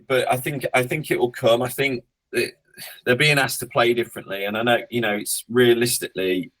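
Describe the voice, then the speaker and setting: A rugby club coach talks through his team in a casual podcast interview, reflective but full of hesitant restarts and blunt humour, swearing bluntly when he jokes. His voice is lowish and a bit bright, and the recording is rough.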